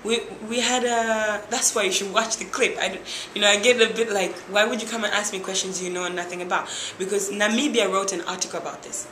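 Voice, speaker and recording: A young woman from Tanzania tells her story in a bright, ringing voice. She keeps slipping into the lines other people said, playing out each exchange. The sound is roomy and echoey, with a faint hiss underneath. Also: medium pitch, steady tone, fairly quick, hardly any pauses. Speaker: interview guest, former reality show contestant. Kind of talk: interview, animated retelling. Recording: echoey room with faint noise.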